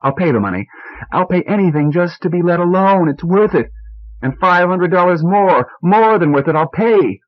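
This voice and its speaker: A man voicing a furious, exhausted wife at her breaking point, shrill and screaming in rage, on a muffled old cassette recording. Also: expressive, normal speed. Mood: bitter.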